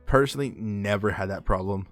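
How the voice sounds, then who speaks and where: A young man hosting a casual podcast chat, telling animated stories in slangy, profane talk. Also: lowish voice, a little fast, no echo, soft background music. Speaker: podcast host.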